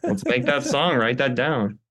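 Man, podcast guest, bright lively tone, rambling, joking, casual chat. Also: medium pitch, unhurried. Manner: rambling, self-conscious, joking. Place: podcast studio.

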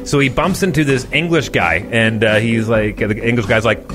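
A man in his forties, a radio morning show host, telling a story in a casual, animated way and acting out the voices of the people in it. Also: medium pitch, a little fast, few pauses, over music. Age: 40s.

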